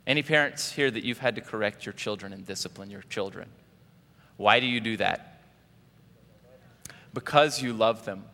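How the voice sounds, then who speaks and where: Bright-voiced preacher in a reverberant hall. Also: male voice, fairly low pitch, normal speed, pauses often. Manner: animated, asks the congregation questions. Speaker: pastor. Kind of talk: sermon.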